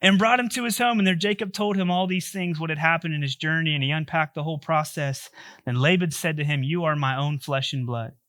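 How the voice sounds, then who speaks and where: Bright, high-voiced joking preacher. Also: male voice, fast talker. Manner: joking, conversational storytelling. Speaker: pastor. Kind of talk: sermon.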